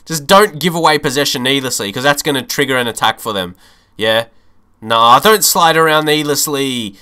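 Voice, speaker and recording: A young man streaming a football management game, commenting live with animated, frustrated swings and frequent swearing. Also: medium pitch, moderate pace, clear, resonant tone.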